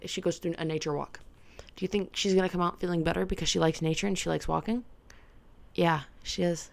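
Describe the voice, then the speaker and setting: A woman with a low, gravelly voice and plenty of vocal fry chats loosely to her camera. She rambles playfully and leans on "like" as she works through her thoughts. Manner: rambling and playful, heavy use of "like". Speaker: vlogger. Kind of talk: casual self-help chat to camera.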